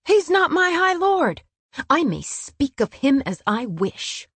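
A woman reading the lines of a fierce winged male warrior with icy, controlled fury, speaking in a low, clipped, intense way. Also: measured pace, dry recording.

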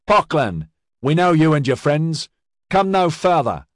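A man's voice: a little high, steady tone, fairly quick, no echo, clean studio sound, voice pushed up, natural voice. A man voicing a blunt, brash male police sergeant who bellows his orders. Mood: commanding.

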